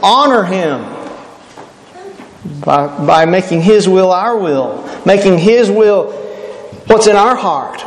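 A high-pitched man preaches with emphatic, repeated phrases. His voice rings through a large echoey hall with a long reverb tail. A faint hiss sits beneath it all. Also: gravelly. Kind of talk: sermon.

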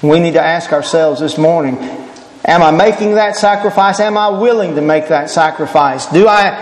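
A man's voice: on the high side, normal speed. A man preaching a sermon, emphatic and repeating his phrases for weight. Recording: echoey hall with faint noise.

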